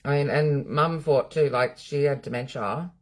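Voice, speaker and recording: At a moderate pace and in a bass voice, this Australian psychic medium in middle age streams live from home. She responds to viewer comments in a blunt, casual way, swearing a lot.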